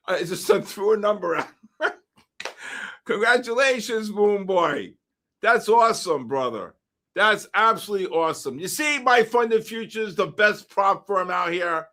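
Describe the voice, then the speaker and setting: A man hosting a livestream, reading out numbers and usernames for a giveaway and getting excited about each winner. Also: a little high, unhurried. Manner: excitable, shouts when names are drawn. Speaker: livestream host. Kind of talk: live-stream giveaway draw.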